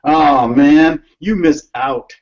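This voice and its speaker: A man's voice: fairly high pitch, drawn-out words, darkish tone, highs cut off. A man on a casual video call, rambling through a story and laughing often. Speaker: guest.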